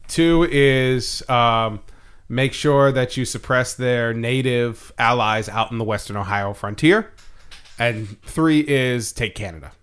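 Man, podcast co-host, relaxed comic history storyteller, mid-range voice. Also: medium pitch, takes it slowly, clear, resonant tone. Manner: loose, jokey storytelling with frequent laughs and fillers. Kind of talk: casual comedic history chat.

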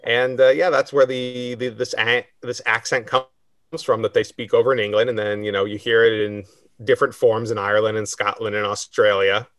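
A man's voice: fairly low pitch, little pitch movement, a little fast, fairly bright tone, dry recording. An American man casually explaining history on a podcast, with fillers and restarts. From United States. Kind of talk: casual chat.

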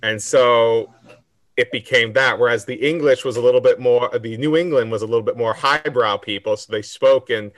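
A man's voice: medium pitch, fairly even intonation, normal speed, a bit bright, no room sound. An American man casually explaining history on a podcast, with fillers and restarts. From United States. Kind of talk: casual chat.

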